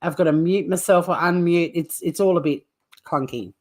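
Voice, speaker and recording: A woman's voice: on the low side, normal speed, darkish tone. A woman hosting a livestream, rambling in casual chat with viewers and swearing freely. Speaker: livestream host.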